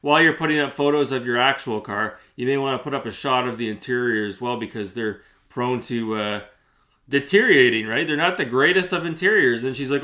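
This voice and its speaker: Speaking to camera on his own gaming channel, this Canadian host chats his way through a story, restarting often and using lots of fillers. He talks a little fast, mid-range in pitch, with a sharp edge to his voice.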